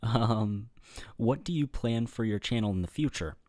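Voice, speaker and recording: A man's voice: lowish voice, normal speed, mellow, dry recording, studio quality. A young man hosting a casual Q&A vlog, rambling with fillers and restarts and laughing at his own remarks. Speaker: YouTuber answering viewer questions. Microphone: webcam setup facing the camera.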